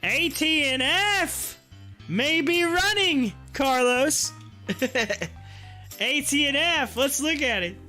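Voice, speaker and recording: A man's voice: very high-pitched, lively intonation, takes it slowly, pushed and bright, soft background music. A man hosting a stock market live stream, chatting casually, rambling, teasing his viewers and laughing often. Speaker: stock market livestream host.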